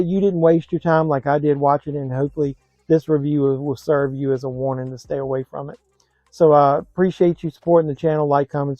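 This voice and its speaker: A man's voice: on the high side, dark tone, dry recording, muffled recording. Blunt, scathing male movie reviewer. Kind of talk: casual movie review vlog.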